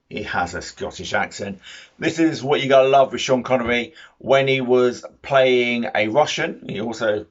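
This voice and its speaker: A man's voice: mid-range voice, a bit bright. A man giving a casual film review, rambling, losing his thread and correcting himself, with dry, mildly sarcastic humour. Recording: dull lo-fi recording.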